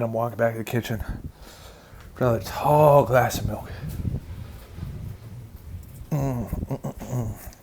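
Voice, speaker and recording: A man's voice: medium pitch, slight background noise. A man narrating a commentary track over his own video in a casual, profane style. He groans, hums and sighs as the heat of the chili peppers hurts him. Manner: casual, swears often, groans and hums through pain.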